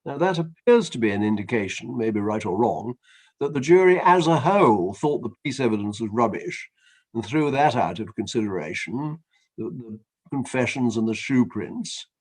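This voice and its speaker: A male presiding appeal judge directing counsel in court, measured and authoritative as he sets out his reading of the record. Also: medium pitch, lively intonation, darkish tone, breathy edge, low-quality recording. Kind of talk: judicial questioning in court.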